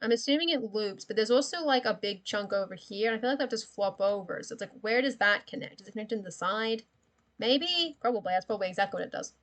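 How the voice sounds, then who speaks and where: A woman's voice: mid-range voice, animated, quick pace. A woman chatting casually on a livestream while she draws, rambling, thinking aloud and often giggling. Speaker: streamer.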